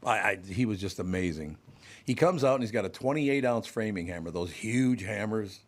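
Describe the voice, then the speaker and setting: A man's voice: fairly low pitch, lively intonation, moderate pace. A man hosting a radio talk show, telling a rambling story in casual chat.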